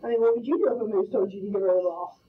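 A woman's voice: mid-range voice, rapid-fire. A middle-aged woman teaching a math class, playful and storytelling, often checking in with "okay?". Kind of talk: classroom lecture. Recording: roomy, distant, muffled classroom audio.

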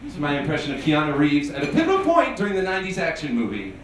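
A man hosting a stand-up comedy show on a bar stage, with animated, energetic patter. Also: on the high side, very fast, slight background noise. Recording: echoey bar from a distance.

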